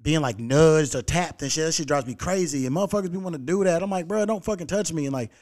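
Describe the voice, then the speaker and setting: A young man hosting a casual podcast, laid-back and swearing freely, animated when he quotes other people. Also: fairly high pitch, quick pace. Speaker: podcast host and comedian.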